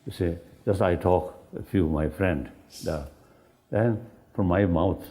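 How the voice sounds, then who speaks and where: An older man who is not an English speaker, talking in a halting, searching way with many fillers and ready laughs. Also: low voice. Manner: laughs easily, animated. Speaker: spiritual leader in dialogue. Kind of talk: unscripted dialogue.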